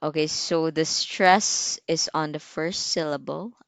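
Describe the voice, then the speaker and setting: Teacher: young Filipino woman, low voice, unhurried, chatty lecture with asides and quiz questions, dry close sound. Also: fairly even intonation, no echo. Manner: chatty, with fillers and self-asides, quizzing students. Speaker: medical technology teacher. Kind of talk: recorded online lecture.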